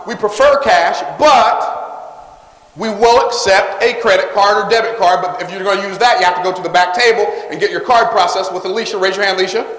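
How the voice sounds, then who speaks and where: A man giving a live motivational talk on stage, calling for responses from the audience and pitching his books. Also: a little fast. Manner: energetic call-and-response with the crowd. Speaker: motivational speaker selling books. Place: large hall with live audience. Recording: echoey hall, long reverb.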